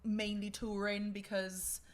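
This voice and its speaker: A woman's voice: medium pitch, level tone, slow. A young woman in her twenties, a podcast guest in casual chat, laughing and self-deprecating.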